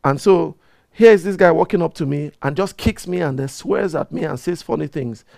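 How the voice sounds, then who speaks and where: Man, reverend host, gravelly, fairly high voice, dry close sound, animated storytelling. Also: moderate pace, no room sound. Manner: animated storyteller who gets heated and repeats himself. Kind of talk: casual talk-show monologue, personal storytelling.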